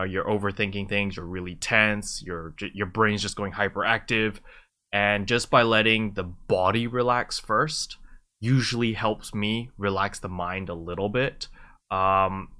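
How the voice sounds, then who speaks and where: Guy with a lowish but bright voice just chatting, loose and explanatory, lots of ums. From lives in China. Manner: relaxed, explanatory, frequent fillers. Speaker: YouTuber giving advice. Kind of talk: casual advice talk to camera.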